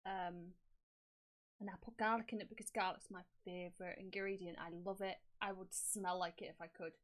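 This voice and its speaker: Brief: young woman, podcast host, lively storyteller, swears freely. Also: medium pitch, normal speed. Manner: animated storytelling, frequent swearing and laughs. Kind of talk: casual chat.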